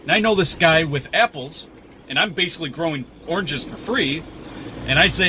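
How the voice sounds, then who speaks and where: A man's voice: on the high side, normal speed, bright, forceful tone, rough recording. A man ranting casually while he drives, rambling and profane, often repeating himself. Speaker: vlogger. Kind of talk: casual rant while driving. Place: inside a car on the road. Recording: road noise inside a moving car.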